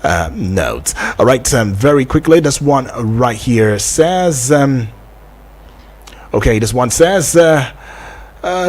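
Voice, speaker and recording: A man's voice: medium pitch, very animated, moderate pace, darkish tone, husky. A man hosting a radio phone-in, talking unhurriedly with many fillers and reading out listener messages. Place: radio studio.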